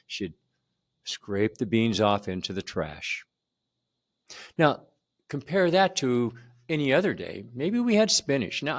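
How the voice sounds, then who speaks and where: A man in his seventies telling a personal childhood story to camera in a conversational way, repeating words for emphasis. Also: lowish voice. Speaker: channel host.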